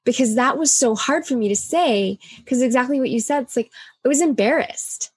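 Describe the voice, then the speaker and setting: A woman's voice: high-pitched, animated, moderate pace, darkish tone, husky, no room sound. A woman in casual conversation, speaking candidly and reflectively, with lots of "like" and acted-out quotes. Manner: reflective and candid, filler-heavy, acts out quoted dialogue.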